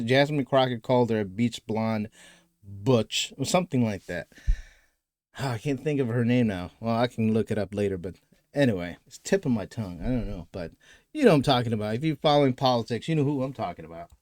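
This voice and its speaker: A man's voice: mid-range voice, brisk, darkish tone, no echo, studio quality. A man commenting casually on a clip, rambling and searching for words with lots of fillers.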